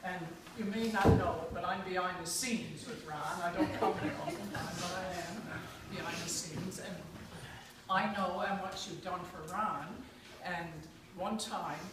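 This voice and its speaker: A woman's voice: lowish voice, a little slow. A woman giving an informal thank-you speech with a gift, chatty and rambling, laughing as she goes. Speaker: congregation member giving a gift. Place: large echoey church hall. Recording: echoey hall, distant mic, background noise.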